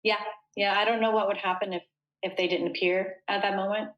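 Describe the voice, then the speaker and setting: A woman's voice: mid-range voice, level tone, brisk, dull audio. A woman from the United States speaking as an interview guest, talking earnestly and thoughtfully with frequent fillers. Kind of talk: casual interview conversation.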